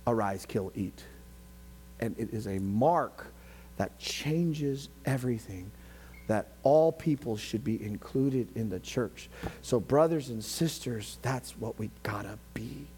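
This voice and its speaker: A man preaching a sermon as a pastor. He alternates between quiet, slow phrases and fast, passionate passages, and acts out voices of biblical figures. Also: mid-range voice, slight background noise. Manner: swings from quiet to loud, shouting passionately at peaks.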